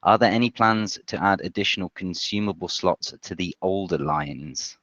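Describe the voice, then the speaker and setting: A man's voice: low-pitched, moderate pace, fairly bright tone, no room sound, dull audio. A man moderating a live Q&A, reading out questions with wry, dry humor.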